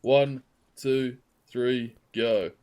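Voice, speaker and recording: A man's voice: mid-range voice, fairly even intonation, very slow, warm tone. A man joining a friend's gameplay session, clowning around with jokey role-play. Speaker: friend playing along. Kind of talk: playful in-game banter.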